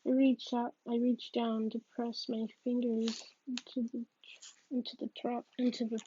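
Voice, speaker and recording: Slow, halting woman reading a novel aloud. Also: on the high side, level tone, mellow, highs cut off, a little hiss or hum. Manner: hesitant, with frequent restarts. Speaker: reader.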